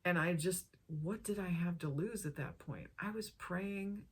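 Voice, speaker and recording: A woman's voice: lowish voice, a little slow, husky. A woman vlogger sharing a personal health testimony in an earnest, heartfelt way, drawing out her phrases.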